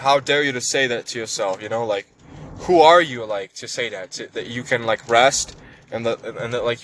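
An earnest man vlogging to his viewers, circling back and repeating words as he talks, with the of someone who learned it later. His voice sits mid-pitch, and a faint hum of a vehicle runs beneath it. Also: a bit bright, low-quality recording. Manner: earnest, rambling, many restarts and repeated words. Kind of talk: casual personal vlog monologue.

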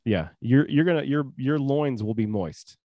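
A man's voice: medium pitch, lively intonation, moderate pace, no room sound, lo-fi sound. A young man co-hosting a podcast, chatting casually in a jokey, rambling way with lots of fillers. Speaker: podcast co-host. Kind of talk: casual chat.

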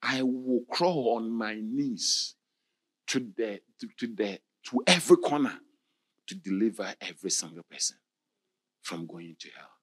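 A man's voice: on the low side, a little slow, a bit bright, slightly rough, pitched below the performer's own voice. A man preaching voices a condemned man who pleads with impassioned urgency.

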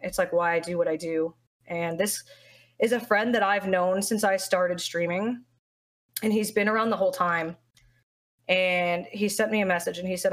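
A woman's voice: on the low side, fairly even intonation, moderate pace. A young woman, a streamer, talking candidly and with feeling in an interview, often restarting her sentences. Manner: candid, heartfelt, rambling with many restarts. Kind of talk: emotional interview talk.

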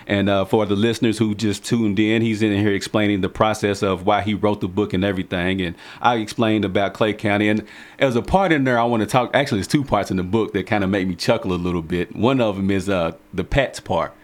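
A man's voice: on the low side, fairly even intonation, a little fast. A man with a Kentucky country accent hosting a casual radio interview in a studio, chatty, laid-back and joking. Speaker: radio show host.

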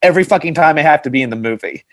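A man's voice: on the high side, expressive, racing, heavy background noise. A man, a film producer, telling stories in a casual interview chat, often laughing and swearing. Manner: laughing, profane storyteller.

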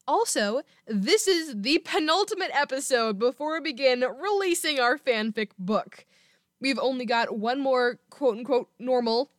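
A woman's voice: fairly high pitch, a bit bright, no echo. Chatty woman podcast host, dry sound. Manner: chatty, self-deprecating. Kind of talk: casual podcast chat.

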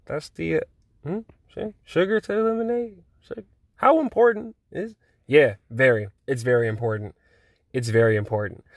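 A young man hosting a solo chat podcast while high, talking in a loose, rambling way with lots of slang and swearing. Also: moderate pace, dry recording, studio quality. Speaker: podcast host.

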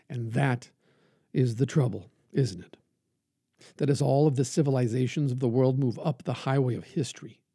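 A male preacher talking earnestly with measured pauses, then reading a sermon aloud with rising emphasis. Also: mid-range voice, creaky, mellow, husky, dry recording, studio quality. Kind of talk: podcast reflection and sermon reading.

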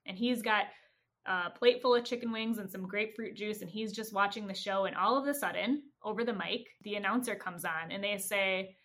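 Woman podcast host, casual storytelling, animated, acts out quotes. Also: mid-range voice, normal speed. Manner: animated retelling, acting out quotes.

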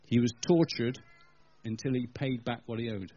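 A man's voice: medium pitch, fairly even intonation, moderate pace, dark tone, slight background noise. A man preaching a sermon at a church gathering, telling the story in a conversational way and speaking directly to the congregation. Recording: dull lo-fi recording.

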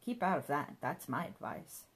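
A woman's voice: sits low, very animated, moderate pace, husky, heavily acted. A woman voicing a meddling, smothering male monkey-boy companion in a storybook reading. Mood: dismissive. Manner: fussy, smothering, bossy.

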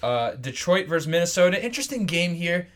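Fast-talking teasing man podcaster. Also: high-pitched, very animated, fairly bright tone. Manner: quick, teasing, trips over his words. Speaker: podcast co-host. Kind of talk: casual sports chat.

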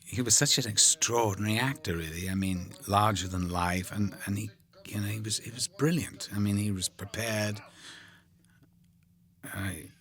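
An older man recalling making a film in a relaxed, rambling commentary, full of ums and drifting into whispers. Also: lowish voice, a little slow. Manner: rambling, warm anecdotes, frequent ums, drops to whispers.

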